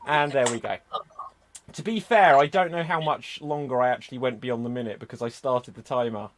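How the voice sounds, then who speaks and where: Brisk, chatty improv host, man. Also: mid-range voice, slight background noise. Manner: brisk, chatty game explanations. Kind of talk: hosting an online improv show.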